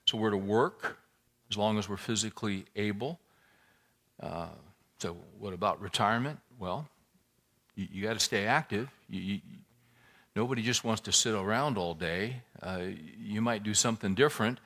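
A man preaching a sermon in a bright, forceful voice that sits a little low. He talks in an earnest, folksy way and slips easily into telling a story. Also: moderate pace. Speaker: pastor. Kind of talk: sermon with prayer and joke.

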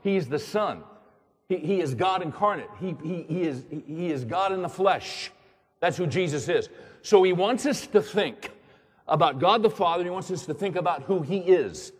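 A man preaching from the pulpit, his voice a touch high and husky. He drives each point home with repetition and pointed rhetorical questions. Long reverb from a large church hall trails after every phrase. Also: expressive, normal speed. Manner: emphatic, repeats words, fires rhetorical questions. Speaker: pastor. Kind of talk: sermon.

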